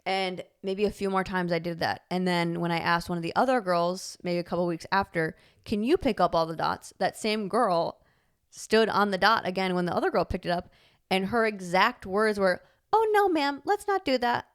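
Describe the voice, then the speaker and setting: This co-host of a casual podcast has a fairly low, clear and resonant voice, with fairly even intonation and a moderate pace. She meanders chattily through stories, laughing a lot and filling gaps with "like".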